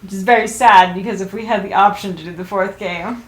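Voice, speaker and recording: A woman's voice: mid-range voice, steady tone, fairly quick, crowd noise. Chatty woman co-host, echoey room. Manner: chatty, playful. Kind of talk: casual chat. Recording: echoey room with loud music.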